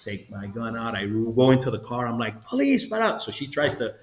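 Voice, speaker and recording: Animated older man telling war stories. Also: medium pitch, fairly quick. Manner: animated storyteller acting out quoted voices. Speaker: guest, retired federal agent. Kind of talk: storytelling interview. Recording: echoey room, slightly dull sound.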